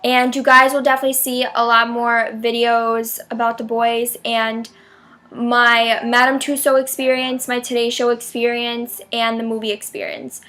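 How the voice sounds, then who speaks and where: Young girl vlogging, kinda high voice, super dramatic fangirl, says like a lot, screams names out of nowhere. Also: level tone, moderate pace, bright, forceful tone. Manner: gushing fan, shrieks names in high bursts; heavy "like" filler, chatty and dramatic. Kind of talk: excited casual vlog storytelling.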